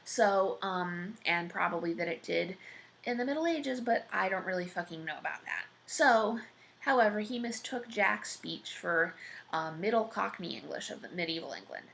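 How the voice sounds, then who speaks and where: A woman's voice: mid-range voice, lively intonation, moderate pace, vocal fry, fairly bright tone, slight background noise. A woman telling an improvised story parody in a casual way, rambling, swearing and using lots of fillers. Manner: rambling, profane, full of fillers.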